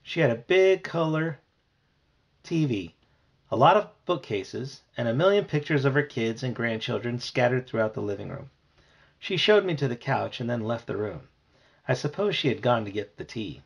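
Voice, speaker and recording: A father reading a children's novel aloud with expressive storytelling. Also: mid-range voice, normal speed, vocal fry, husky.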